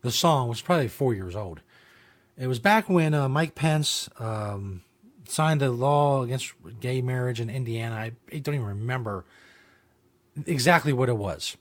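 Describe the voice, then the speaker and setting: A man's voice: mid-range voice, lively intonation, moderate pace. A man hosting his own talk show, rambling casually with lots of fillers, restarts and swearing. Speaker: show host. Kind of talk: casual podcast monologue.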